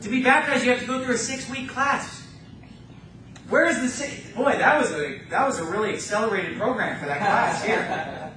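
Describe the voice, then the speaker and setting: A man preaching a fervent sermon in a church, reading scripture slowly and mocking opposing views in quick asides. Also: very high-pitched, bright, forceful tone, slight background noise. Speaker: pastor. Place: church sanctuary. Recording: echoey church room, mic far off.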